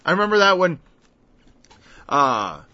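Conversational preacher man, slightly high voice. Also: sing-song, a little slow, pushed and bright. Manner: conversational, acts out quoted speakers in changed voices. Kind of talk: verse-by-verse Bible teaching. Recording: dull lo-fi recording.

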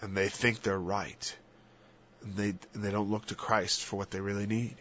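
A man's voice: on the low side, level tone, slightly rough. Earnest, rambling man on faith. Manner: earnest, rambling, halting, with soft whispered asides. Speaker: Christian speaker. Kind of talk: casual religious discussion. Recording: dull lo-fi dry recording.

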